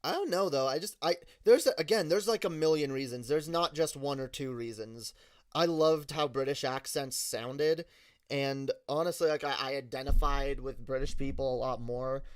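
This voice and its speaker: A man's voice: mid-range voice, moderate pace, clean tone, no echo, clean studio sound. A man streamer talking frankly in a casual personal story, profane, with many restarts.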